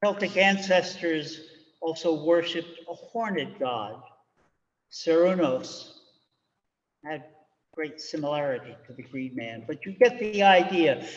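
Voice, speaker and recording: Slow-spoken minister in a reverberant church. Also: male voice, a little high. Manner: slow, measured and reflective. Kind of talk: sermon. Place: church sanctuary. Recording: dull recording with long church reverb.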